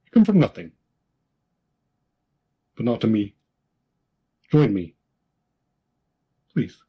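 Guy doing an intense brooding dark knight guy, husky and pleading, big swings in pitch. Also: very animated, slow, full character voice. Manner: intense, low dramatic delivery.

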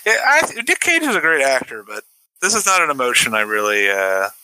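A man's voice: mid-range voice, wildly swooping pitch, brisk, bright, forceful tone, no room sound, low-quality recording. A man around forty co-hosting a podcast, giving hesitant, wry opinions on a film. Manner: hesitant, many restarts, wry. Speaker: podcast co-host. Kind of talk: casual film discussion.

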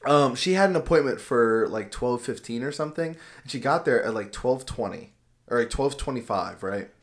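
A man's voice: mid-range voice, moderate pace. A young man co-hosting a podcast, chatting casually and acting out the people in his stories. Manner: animated storyteller, acts out other people's lines. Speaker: podcast co-host. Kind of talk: casual chat, storytelling.

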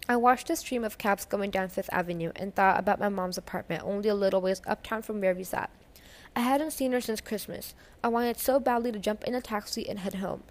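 This is an audiobook-style reading of a novel by a female reader whose voice sits at a middle pitch and has a touch of mellowness. Her narration moves steadily from chapter to chapter, with light voices for each character's lines.

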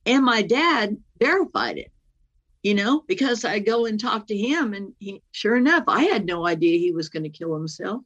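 Woman guest, earnest halting storyteller, mid-range voice. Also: medium pitch, big pitch swings, fairly bright tone, muffled recording. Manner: earnest, halting, with many restarts and retold dialogue. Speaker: guest telling a personal story. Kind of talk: emotional first-person storytelling.

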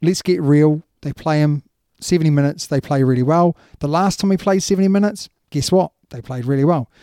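A man's voice: fairly high pitch, brisk, mellow, no echo. Chatty New man talking rugby. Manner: chatty, emphatic, lots of yeah and you know. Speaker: rugby podcast co-host. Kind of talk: casual sports chat.

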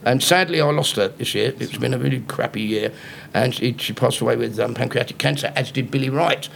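A man's voice: medium pitch, fairly quick, vocal fry, fairly bright tone, a little hiss or hum. A man, a comedian telling stories and teasing a live audience. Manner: joking, teasing the audience, laughing at own lines. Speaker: comedian guest. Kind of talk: live podcast stand-up storytelling.

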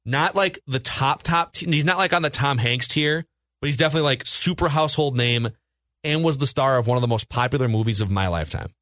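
A man's voice: medium pitch, fast talker, fairly bright tone, no echo. A man hosting a casual movie podcast, leading the talk and quizzing his co-hosts. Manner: leads the talk, reads notes, quizzes co-hosts. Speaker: podcast host.

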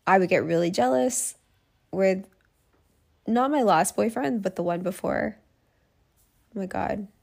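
Gravelly-voiced woman, frank solo podcaster. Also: mid-range voice, measured pace, long pauses, darkish tone. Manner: frank, self-mocking, talks things through aloud. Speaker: podcast host. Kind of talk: candid solo podcast monologue.

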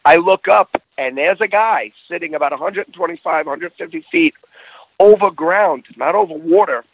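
A middle-aged man with a gravelly, somewhat high voice tells his story earnestly, stumbling and restarting as feeling rises. The sound is thin and phone-like, with no room around it. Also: moderate pace, dry recording. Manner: earnest storyteller who restarts phrases and grows emotional. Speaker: guest telling a personal story. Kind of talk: casual conversation.

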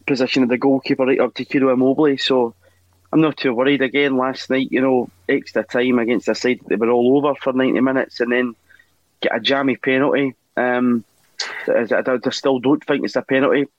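A man giving calm, measured football analysis as a podcast guest. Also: mid-range voice, no room sound. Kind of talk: casual football podcast chat. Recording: dry, dull lo-fi mic.

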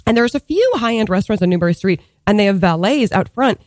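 A woman in her thirties telling a story in casual chat, animated, packed with fillers, laughing often. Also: mid-range voice, quick pace, dry recording.

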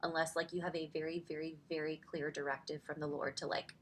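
A woman's voice: low-pitched, flat delivery, quick pace, a little hiss or hum. A woman in her thirties telling a personal story in a faith podcast conversation, chatty and full of "like", close to tears at times. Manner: chatty, fills speech with "like". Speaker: podcast guest.

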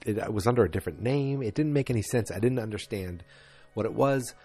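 A man's voice: lowish voice, a little fast, warm tone, soft background music. A man recapping a TV episode in casual chat, rambling with lots of fillers and voicing the characters, close on a dry mic. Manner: rambling, with many fillers and quoted voices. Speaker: show recapper.

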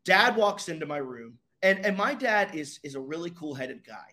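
A young man sits as a guest and tells his story the way a natural storyteller does. He builds drama, pauses for effect and pulls his listener along. His voice sits a little on the high side. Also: very animated, pushed and bright. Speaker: guest, racing driver. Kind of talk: storytelling in a casual interview.

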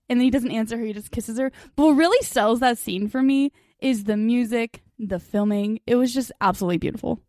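A woman's voice: a little high, brisk, few pauses, no echo, studio quality. Gushing young woman podcast host. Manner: gushing, animated, acts out characters' lines. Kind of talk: casual chat.

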